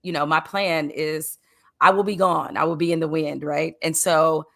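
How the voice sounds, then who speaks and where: A woman's voice: sits low, steady tone, normal speed, gravelly. A woman co-hosting a casual chat, giving her take in a reflective way with emphatic rhetorical questions. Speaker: co-host.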